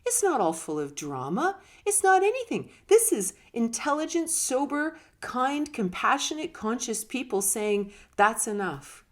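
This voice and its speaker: A woman's voice: high-pitched, sing-song, measured pace, hardly any pauses. A woman giving a conversational teaching talk on personal growth, emphatic and now and then laughing or acting out short quotes. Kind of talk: casual spoken teaching talk.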